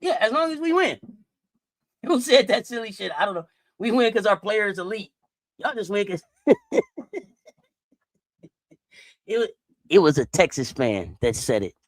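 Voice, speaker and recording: This woman's mid-range voice swings widely in pitch, and she talks a little slowly, pausing often, with no echo. She's hosting a sports talk stream, ranting at viewers in a heated, repetitive, swear-laden live-chat style and speaking to them directly again and again.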